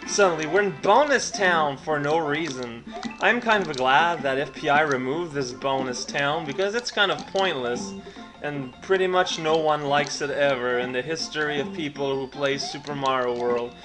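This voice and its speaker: A man's voice: fairly high pitch, moderate pace. A man playing a video game and commenting with wry, sarcastic asides. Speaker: let's play host. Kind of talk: let's play commentary. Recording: game music clearly behind voice. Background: game music.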